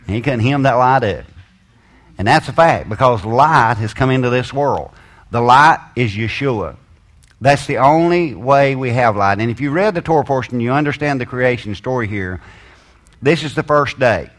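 A man's voice: mid-range voice, expressive. Man teaching a Bible study. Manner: slows and stresses quoted scripture, asides to a helper.

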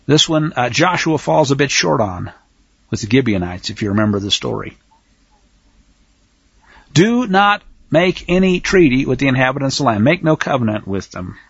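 A man teaching a Bible passage in sermon style, blunt and emphatic, swinging between loud pushes and low asides. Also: very animated, normal speed, gravelly, slightly rough, dry recording, highs cut off.

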